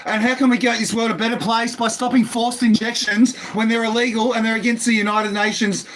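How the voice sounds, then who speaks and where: Australian man, very high voice, agitated and shouting, repeats himself; phone recording. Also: level tone, brisk, a little hiss or hum. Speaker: man arguing with police through his door. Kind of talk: heated argument.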